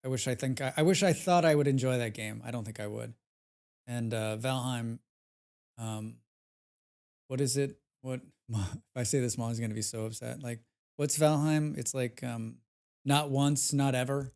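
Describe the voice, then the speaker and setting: A man chatting casually on a live game stream, rambling with many fillers, reading chat aloud and growing animated as he recounts his play. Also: mid-range voice, moderate pace, gravelly. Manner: grows animated when recounting gameplay.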